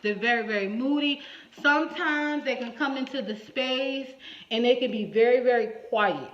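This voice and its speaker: A woman's voice: fairly high pitch, moderate pace, fairly bright tone. A woman hairstylist telling a story to her viewers in a casual, salty way, playing both sides of a phone call. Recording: echoey room, dull lo-fi sound.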